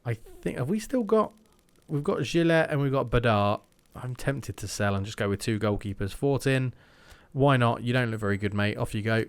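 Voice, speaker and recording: A man's voice: mid-range voice, animated, normal speed, hardly any pauses. A young man giving casual gameplay commentary, thinking aloud and slipping into mock match commentary. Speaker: gaming YouTuber.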